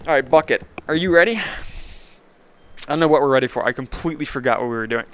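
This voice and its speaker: A man's voice: mid-range voice, brisk, clear, resonant tone. A young man streaming a video game, rambling casually, laughing often and mocking himself. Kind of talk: casual gaming commentary.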